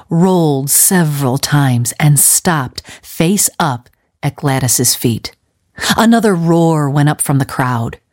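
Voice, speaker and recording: A woman narrating a story aloud in a measured way with dramatic pauses. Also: deep voice, a little mellow. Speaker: audiobook narrator.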